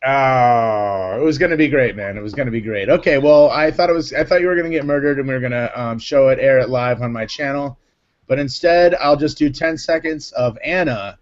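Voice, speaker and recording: A man's voice: mid-range voice, brisk, muffled recording. A man hosting a casual live panel chat, joking and rambling. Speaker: host.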